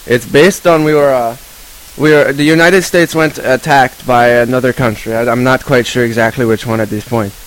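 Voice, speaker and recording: A man plays an unhinged rock guitarist who rambles and stumbles through absurd stories in a mid-pitched, ordinary voice. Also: steady tone, moderate pace, few pauses, background noise, natural voice. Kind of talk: improvised comedy interview.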